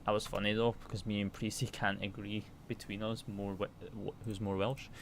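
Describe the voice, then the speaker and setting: UK man streaming a flight sim, chatty and relaxed, reads figures aloud, lowish voice. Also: moderate pace, gravelly, a little hiss or hum. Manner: chatty, reads checklist numbers and answers chat aloud. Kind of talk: casual chat while flying a simulator.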